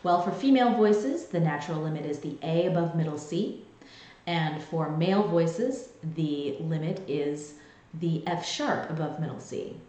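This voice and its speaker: A woman vocal coach explaining singing technique in a clear, teaching manner, with sung demonstrations. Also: low voice, lively intonation, measured pace, mellow. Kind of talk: singing lesson to camera. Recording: very echoey room.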